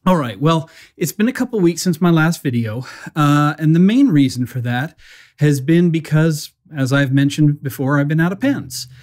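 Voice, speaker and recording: A man's voice: a little high, expressive, normal speed, a little mellow. A young adult man hosting a casual product review from a small home studio, chatty and self-deprecating, with frequent restarts. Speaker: pen reviewer, channel host.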